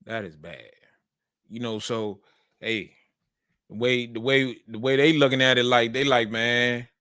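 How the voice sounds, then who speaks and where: A man's voice: medium pitch, fairly even intonation, measured pace, a bit bright, clean tone, no room sound, clean studio sound. A man hosting a sports show, talking casually and emphatically about football and repeating his points. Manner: repetitive, emphatic, colloquial.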